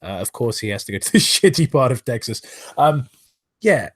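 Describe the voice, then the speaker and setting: Man, live stream commentary, exasperated, sarcastic, swearing, mid-pitched voice, dry close sound. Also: sing-song, moderate pace, slightly rough, dry recording. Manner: thanks viewers for donations between remarks.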